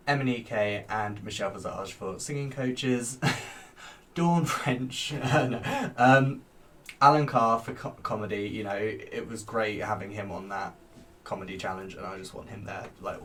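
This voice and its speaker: A man's voice: on the low side, measured pace, a bit bright, recorded from a distance. A man who performs as a drag queen, chatting casually from a home office as he reviews a TV show, bubbly and giggly with lots of rambling fillers.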